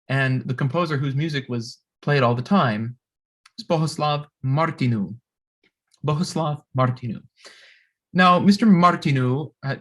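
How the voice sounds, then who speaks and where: A young composer talks through a music history presentation. His voice sits at a middle pitch, and he stops often, repeating words and filling gaps with "um" and "uh" as he thinks aloud. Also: fairly bright tone. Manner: halting, many fillers and restarts. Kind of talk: recorded lecture presentation.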